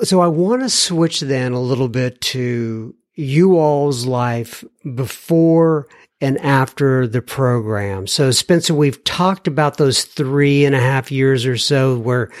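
A man hosting a podcast, asking questions in a relaxed, easygoing conversational way. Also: mid-range voice, slow pace. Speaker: podcast host. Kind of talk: conversational interviewing.

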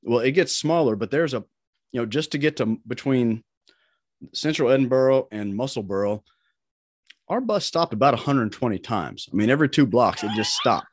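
A man's voice: medium pitch, animated, moderate pace, dry recording, studio quality. A man hosting a podcast, chatting casually and trading his own travel anecdotes. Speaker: podcast host. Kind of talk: casual chat.

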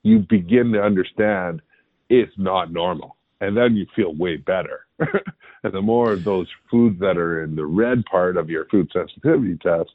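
A man's voice: deep voice, moderate pace, no room sound. Easygoing man on a tinny line. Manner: easygoing, chuckles between points. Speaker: podcast guest. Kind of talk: casual chat.

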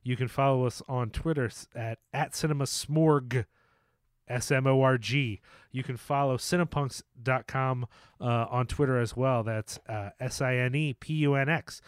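A man's voice: mid-range voice, fairly even intonation, moderate pace, clear, resonant tone, no echo. Rambling male podcast host, dry close mic. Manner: rambling, many fillers and restarts, jokey. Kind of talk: casual podcast chat.

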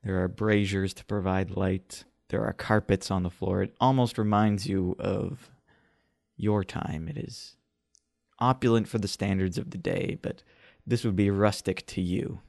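A man runs a tabletop game with a low, gravelly voice. He narrates scenes in a measured, descriptive way. The sound is dry and close. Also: fairly even intonation, a little mellow, dry recording. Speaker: game master.

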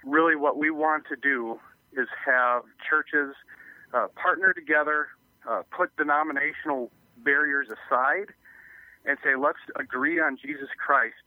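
A man's voice: mid-range voice, no room sound. A man interviewed by phone as a youth ministry guest, explaining in an earnest way. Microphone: telephone. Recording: tinny phone line.

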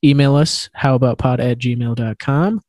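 A man's voice: medium pitch, normal speed, darkish tone, no room sound. A man hosting a podcast over a video call, chatting casually with wry jokes. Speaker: podcast host. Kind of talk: casual chat. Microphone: own mic on a video call.

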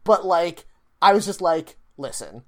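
A woman with a somewhat low-pitched voice talks in a loose, casual chat. She tells stories with real animation, acting out the people in them, and swears freely along the way. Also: moderate pace. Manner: animated storyteller, acts out quotes, swears.

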